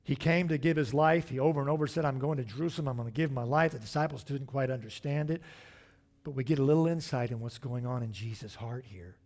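A man, middle-aged, preaching a sermon, swinging from loud emphatic lines to hushed, drawn-out asides. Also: medium pitch. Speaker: pastor.

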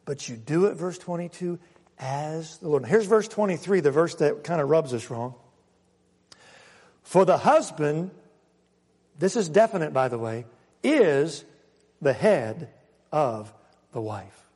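High-voiced preacher in a reverberant hall. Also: male voice, animated, breathy edge. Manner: emphatic preaching with dramatic pauses, swinging from loud to hushed. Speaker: pastor. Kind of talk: sermon.

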